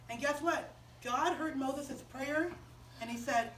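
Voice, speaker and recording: A woman teaching a Bible story to children in a chapel, animated and quizzing them as she goes. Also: high voice, slow pace, far from the mic, a little hiss or hum. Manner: animated, asks the children questions. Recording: roomy chapel, voice off-mic.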